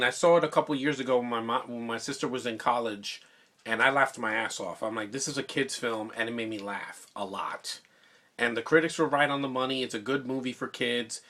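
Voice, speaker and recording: Excitable man reviewing on a phone mic. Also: mid-range voice. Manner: rambling and excitable, with many restarts. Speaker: movie reviewer. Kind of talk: casual movie review vlog.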